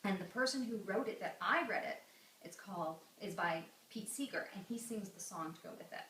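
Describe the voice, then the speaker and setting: Animated woman telling a children's story. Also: medium pitch, brisk. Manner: animated, acts out voices and sound effects. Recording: echoey room from far off, background noise.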